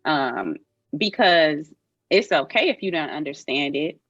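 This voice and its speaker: Woman doula, low voice, dry muffled audio, earnest reassuring talk. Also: lively intonation, unhurried, fairly bright tone, no echo. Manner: earnest, reassuring, frequent "um" and "you know". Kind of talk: roundtable discussion.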